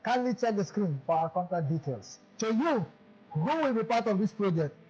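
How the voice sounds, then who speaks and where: High-voiced man from Nigeria, salesy pitch. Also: big pitch swings, moderate pace, a little mellow, muffled recording, slight background noise. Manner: formal, salesy. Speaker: promoter in a business video. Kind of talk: scripted promotional pitch.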